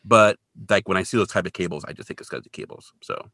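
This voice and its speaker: A man talks through an old TV episode in a loose, chatty way, slipping into quick voices for the characters. His pitch jumps around a lot and his tone is bright and forward. The sound is dry and close, with no room around it. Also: animated, creaky, no echo. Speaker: podcast co-host recapping an episode. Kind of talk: casual chat.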